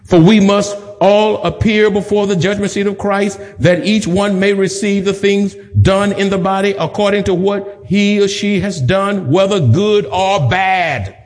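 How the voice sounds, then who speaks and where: This male pastor speaks in a high voice with fairly even intonation, moving unhurriedly and barely pausing. Preaching in a church sanctuary, he builds rhythmic, emphatic repetitions that rise to peaks, with humorous asides slipped in along the way.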